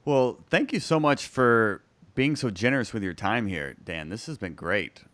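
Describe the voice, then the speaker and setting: Smooth-voiced male interview host. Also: lowish voice, animated, normal speed, a bit bright, no room sound. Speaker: podcast host. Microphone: video call.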